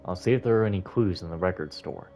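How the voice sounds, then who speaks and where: Guy reading a calm chill game hero, lower voice, game music faint. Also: lightly acted. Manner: calm and measured.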